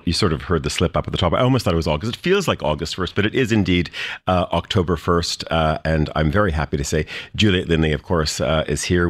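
Low, dry-sounding male radio host; live studio show, hesitant delivery full of fillers. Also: no echo. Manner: halting, many "uh" fillers.

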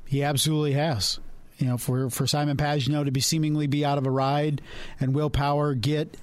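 A man's voice: a little high, level tone, fairly quick, no echo. A man co-hosting a podcast in casual chat, blunt and opinionated. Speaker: podcast co-host.

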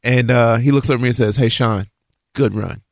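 A former football player from Kentucky, telling an old game story in a casual, lively way and acting out what others said. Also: male voice, mid-range voice, fairly quick, gravelly, no echo, clean studio sound. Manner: lively storyteller who acts out quotes, frequent fillers.

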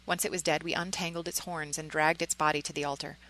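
Woman reading a story in first person, low voice but bright and crisp, earnest and emotional. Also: little pitch movement, fast talker, poor audio. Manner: earnest and emotional, with small slips. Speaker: narrator.

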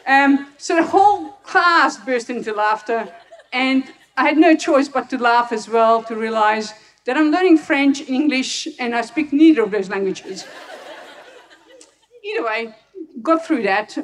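A woman's voice: high-pitched, lively intonation, takes it slowly, long pauses, distant mic. A woman from Hungary who is a doctor, telling personal stories to an audience and laughing often. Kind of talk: personal storytelling talk to an audience.

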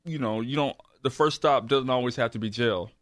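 A man talking casually as an interview guest, halting, with many fillers and restarts. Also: mid-range voice, a bit bright, dry recording, clean studio sound. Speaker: guest, recovery program graduate.

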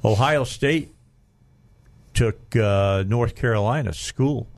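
A man's voice: mid-range voice, takes it slowly. A man hosting a casual radio talk show, rambling and chatty, often trailing off and restarting his sentences.

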